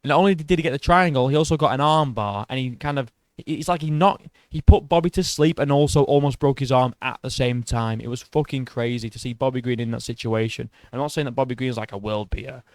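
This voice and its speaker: A man hosting a casual MMA vlog, excitable and heavy on swearing, who often restarts his sentences. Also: medium pitch, fast talker, no echo. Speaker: MMA channel host. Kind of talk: casual fight commentary vlog.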